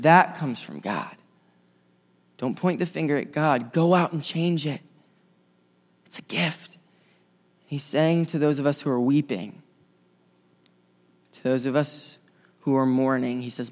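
A man preaching a sermon in a fairly high voice, rising to loud, urgent stretches and dropping to quiet, soft ones. His voice rings out with a long reverb, as in a large church sanctuary. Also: unhurried, long pauses. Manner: impassioned preaching, swinging between loud and soft. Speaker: pastor.

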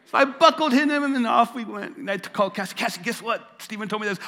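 Older guy preaching, sharp bright voice, repeats stuff for emphasis, echoey church. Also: high voice, expressive, quick pace, hardly any pauses. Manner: emphatic, repeats phrases for stress. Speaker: pastor. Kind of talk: sermon. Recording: long reverb of a large hall.

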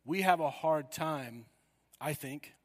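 A man preaching a sermon, telling a story with sudden loud cries. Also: fairly high pitch, slow pace, long reverb tail.

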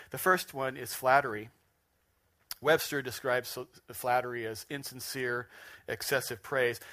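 A man preaching a sermon in an animated, conversational way, often chuckling at his own points. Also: mid-range voice. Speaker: pastor.

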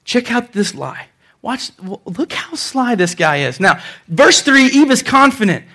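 Man, pastor, high voice, emphatic sermon, punchy repetitions, talks straight to the crowd. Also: lively intonation, normal speed, pushed and bright.

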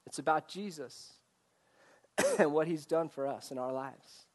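A male pastor delivers a sermon with an earnest, searching manner. He speaks in a voice a little higher than most men's and keeps putting direct questions to the people listening. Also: animated, a little slow, darkish tone. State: choked up, coughing.

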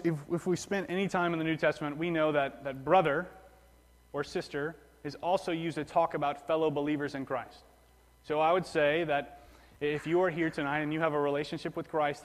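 Male pastor, sermon, conversational, repeats himself, slightly high voice, long hall reverb. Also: steady tone, a little fast. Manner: conversational preaching with repetitions and restarts.

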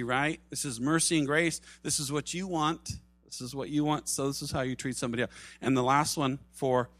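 A man preaching a sermon at a church service, animated, acting out quoted voices and dropping to soft tones for emphasis. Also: medium pitch, dry recording. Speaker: pastor.

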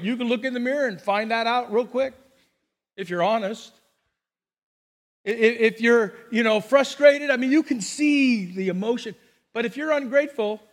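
High-voiced man preaching in a hall. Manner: conversational, storytelling with audience questions. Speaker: pastor. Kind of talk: sermon.

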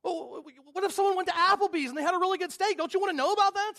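A man's voice: racing, a bit bright. A man voicing a needy, nagging smartphone. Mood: pleading, eager. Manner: pleading, then a low urging murmur.

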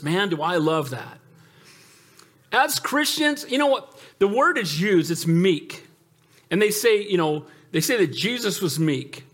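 A man with a high-pitched voice preaches to his congregation, emphatic and conversational. He jokes with the listeners and keeps calling out for amens. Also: animated, measured pace, a bit bright. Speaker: pastor. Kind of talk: sermon.

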